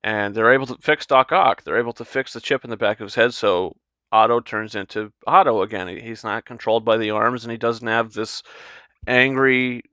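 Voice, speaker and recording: Chatty man reviewing a film, bright voice. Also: medium pitch, fairly even intonation, fairly quick, smooth, no echo, clean studio sound. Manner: enthusiastic, rambling with fillers and restarts. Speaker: movie reviewer. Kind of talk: casual spoken film review.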